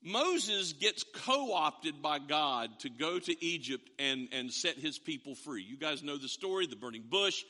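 A middle-aged male pastor preaches to his congregation in a high, piercingly bright voice. He tells stories, acts out their dialogue and puts questions to the room. His words ring out with a long reverb from the church hall. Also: sing-song, measured pace, few pauses. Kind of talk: sermon.

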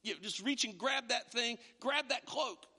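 A man preaching a sermon as a pastor, in an animated, conversational way with frequent restarts. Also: very high voice, normal speed, in a large hall.

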